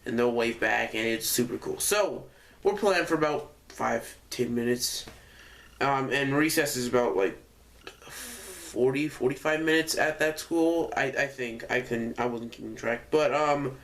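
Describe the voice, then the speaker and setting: A man's voice: medium pitch, measured pace, gravelly, a bit bright. A young man telling a casual storytime, rambling and correcting himself often with lots of fillers. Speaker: vlogger.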